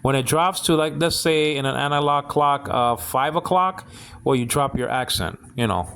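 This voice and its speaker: Man, casual Bible Greek lesson, halting, repeats words, checks listeners follow. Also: a little high, fairly bright tone, smooth. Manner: keeps asking "you understand what I'm saying?".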